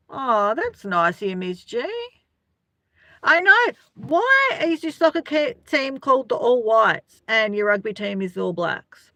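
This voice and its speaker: A woman's voice: mid-range voice, lively intonation, a little slow, bright, forceful tone, dry recording. A middle-aged Australian woman chatting casually on a live stream, rambling and greeting viewers by name as she reads their comments. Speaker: livestream host.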